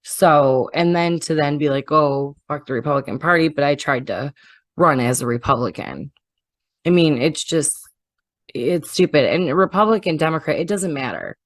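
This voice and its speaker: Woman, very low voice, dry close sound, blunt indignant talk. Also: lively intonation, normal speed, no echo. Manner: blunt, indignant, profane retelling. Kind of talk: casual podcast chat.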